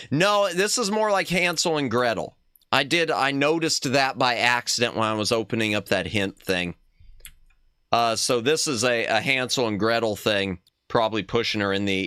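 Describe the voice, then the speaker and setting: A man's voice: mid-range voice, pushed and bright, clear, resonant tone, no room sound, clean studio sound. A man streaming a retro adventure game, thinking aloud in casual commentary and reading the game text aloud.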